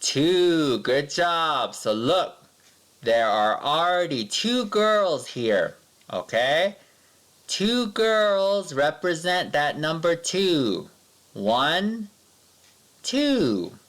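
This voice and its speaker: A man teaching a math lesson to young children, patient and sing-song, counting along slowly with his pupils. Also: a little high, big pitch swings, a bit bright.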